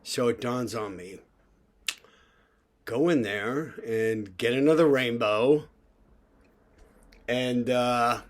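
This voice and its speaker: A man's voice: medium pitch, takes it slowly, long pauses. An older man talking in a casual, rambling vlog monologue, full of fillers and asides. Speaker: vlogger.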